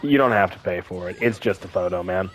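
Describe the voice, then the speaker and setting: Talking fast in a low voice, a young man co-hosts a gaming show and chats casually. He tells an anecdote with animation, acting out every quoted voice.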